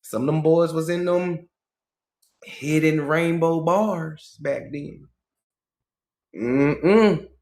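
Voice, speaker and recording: A man hosting a livestream, reading a book aloud and breaking off into casual, slangy commentary and loud, high exclamations. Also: very slow, long pauses. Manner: casual, slangy asides between read passages. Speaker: livestream host.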